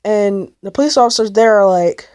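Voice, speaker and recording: A woman's voice: medium pitch, moderate pace, a little mellow, clean tone, dry recording. Young woman vlogging, rambly and breathless, lots of likes and oh my gods, dead dry sound. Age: young adult. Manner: rambling, breathless retelling with many likes and repeats. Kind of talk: casual storytelling vlog.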